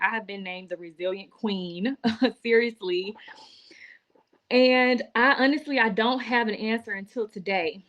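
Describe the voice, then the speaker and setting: A woman's voice: mid-range voice, normal speed, muffled recording. A woman talking casually to her viewers on a live stream from her laptop, teary and emotional as she gives a faith testimony. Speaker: vlogger going live. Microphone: laptop or phone.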